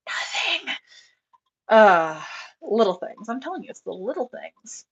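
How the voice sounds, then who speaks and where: A woman's voice: a little high, a little fast, slightly rough, highs cut off. Chatty woman rambling about her hobby. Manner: rambling and animated, full of fillers and acted-out quotes. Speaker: rabbit breeder on a live show. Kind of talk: casual chat.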